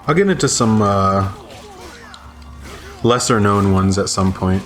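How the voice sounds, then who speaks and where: A man's voice: fairly low pitch, measured pace, fairly bright tone, faint music behind. Man reading horror stories aloud with flair. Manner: laughs often, playful banter between readings. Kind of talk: dramatic reading with casual asides.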